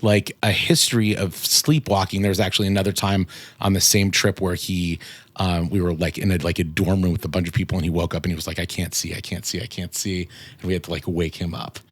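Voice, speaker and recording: Guy in his 40s telling a ghost story, lowish voice, keeps saying like. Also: fairly even intonation, quick pace, no room sound. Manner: rambling, full of "like" fillers. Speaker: podcast guest. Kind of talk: casual storytelling.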